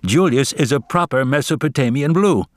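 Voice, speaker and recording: A man's voice: mid-range voice, animated, normal speed, no room sound, clean studio sound, pitched above the performer's own voice, lightly acted. A man reading a storybook aloud, voicing a proud, disapproving father cat who scolds his son. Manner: scolding, pompous.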